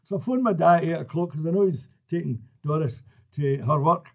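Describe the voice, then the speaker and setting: An older man with a Scottish accent, telling lively stories and laughing through his punchlines as a guest. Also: a little high, fairly quick, vocal fry. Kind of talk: casual anecdotes.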